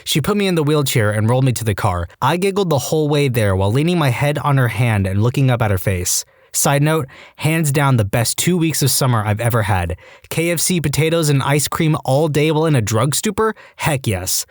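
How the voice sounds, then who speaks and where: A man reading online stories aloud as a narrator, with a deadpan comic delivery. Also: mid-range voice, a little fast, no room sound, studio quality. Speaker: story narrator.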